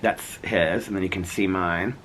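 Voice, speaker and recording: A man's voice: steady tone, unhurried, fairly bright tone, slight background noise. A man vlogging in a casual, chatty way, telling stories with frequent laughs and acting out what people said. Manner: chatty and giggly, acts out quoted lines in a higher voice. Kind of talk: casual storytelling vlog.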